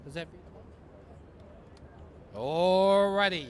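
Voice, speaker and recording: A man giving live race commentary outdoors, excitable, calling out lanes and teams and repeating names as the race closes. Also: very high-pitched, slow pace, pauses often, a little hiss or hum. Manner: excitable, repeats calls, shouts at the finish. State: out of breath at the finish. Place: outdoors at a racecourse by the water.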